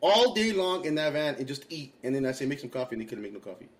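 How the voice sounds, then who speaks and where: A man's voice: mid-range voice, quick pace. A man, co-hosting a casual group chat, teasing a friend and acting out what he said. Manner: animated teasing, laughs while talking, acts out quotes. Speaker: podcast co-host. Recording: faint background noise.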